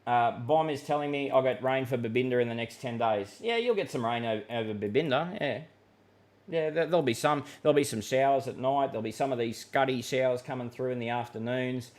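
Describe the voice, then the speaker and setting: A middle-aged Australian man hosts a live weather stream, chatting loosely and reading viewer comments, rambling through many fillers and restarts. His mid-range voice is brisk and a little mellow.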